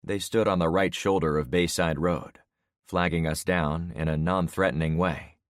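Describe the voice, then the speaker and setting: A man in his sixties narrating an audiobook in the first person with steady storytelling. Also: low-pitched, moderate pace, dry recording, studio quality. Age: 60s.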